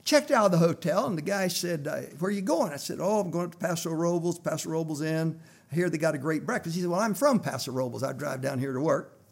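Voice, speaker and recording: An older man preaching a sermon, telling a personal story in a folksy way and rising to loud, emphatic prayer. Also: on the high side, animated, fast, slightly rough.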